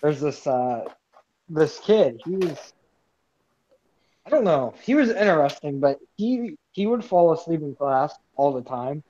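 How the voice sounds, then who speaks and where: A man's voice: fairly high pitch, very animated, a little slow, warm tone. A man telling a story from his school days in a casual, rambling chat, with many restarts. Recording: dull lo-fi sound.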